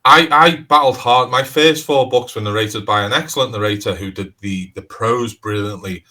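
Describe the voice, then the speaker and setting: A crime author from Liverpool, England, speaks in a casual interview with a Scouse accent, rambling, restarting sentences and saying "you know" a lot. His voice is medium-pitched and sharp in tone at a normal speed. The recording quality is low.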